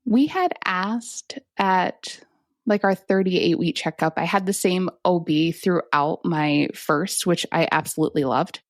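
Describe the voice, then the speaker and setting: A woman physician speaks in a fairly low voice with a gravelly, creaky edge. She explains in a calm, clinical way, recorded close and dry with no room sound. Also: unhurried, dry recording. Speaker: physician guest. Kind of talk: conversational interview.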